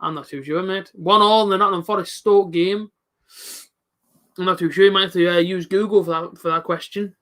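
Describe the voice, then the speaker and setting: A man's voice: high-pitched, fairly even intonation, brisk, a bit bright. A man in his late twenties hosting a live football reaction stream, chatting casually and answering viewers by name. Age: late 20s. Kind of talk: casual live commentary reading chat.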